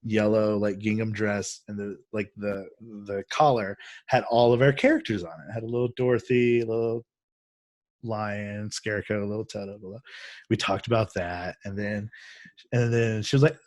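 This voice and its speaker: A man's voice: fairly low pitch, fairly even intonation, normal speed, darkish tone, no echo. A man hosting a casual chat, rambling through a story with many fillers and restarts. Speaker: podcast host. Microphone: video call.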